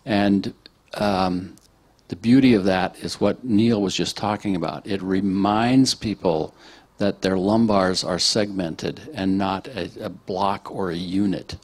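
Deep-voiced guy chiming in on a bodywork lecture, slow and measured. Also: a little mellow. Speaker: co-teacher.

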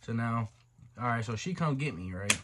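A man's voice: medium pitch, animated, moderate pace. A young man with a middle-range voice tells a wild personal story. He talks loosely and profanely, full of slang, and jumps into the voices of the people in it. A faint hiss sits under him. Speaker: storytime vlogger. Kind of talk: casual storytime monologue.

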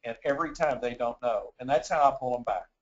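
A man's voice: mid-range voice, fast, muffled recording. A man giving a sales presentation in a webinar, stammering and repeating words as he gets wound up telling stories.

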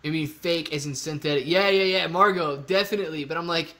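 Reading out comments from viewers, this man runs a relaxed livestream Q&A where he grows excited, muses aloud and says things more than once. He speaks on the high side and fairly quickly.

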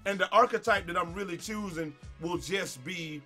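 Male gaming YouTuber, fired-up exasperated rant, high-pitched and tense, stumbling over repeats. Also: normal speed, faint music behind. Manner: animated, exasperated ranting with stammered repeats and swearing.

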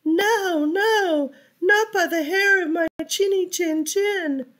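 A clever little storybook pig with a squeaky, very high voice, as a woman reading aloud puts him on. He is stubborn and emphatic, and his lines come out loud. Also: slow, heavily acted. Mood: defiant.

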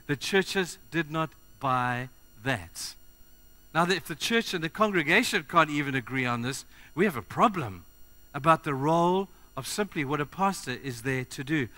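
A man preaching a sermon to his congregation, speaking directly to them and moving between loud urgency and quiet earnestness. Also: on the high side, animated, normal speed.

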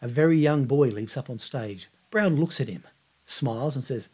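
A man at a middle, ordinary pitch tells a scripted history story with vivid, measured storytelling. He builds the tension and then steps back to a calmer, reflective tone, holding the line like a podcast host. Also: slightly rough.

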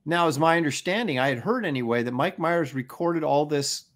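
A middle-aged man with a somewhat high voice talks in a casual, loose chat. He gets eager and rambles, circling back and restarting as he thinks aloud. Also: lively intonation, brisk, fairly bright tone. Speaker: co-host.

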